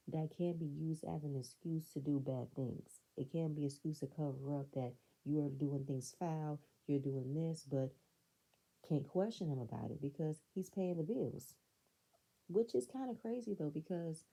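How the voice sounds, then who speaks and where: Female vlog host, low and husky, casual and opinionated reality-TV commentary. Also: normal speed, mellow, poor audio. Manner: chatty and opinionated, with frequent "like" and "you know". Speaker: reality TV reviewer, channel host.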